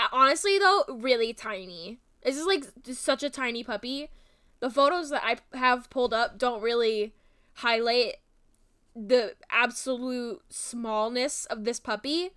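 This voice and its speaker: A woman's voice: on the high side, fairly bright tone, clean tone. A young woman streamer gushing and rambling with fillers in casual stream chat.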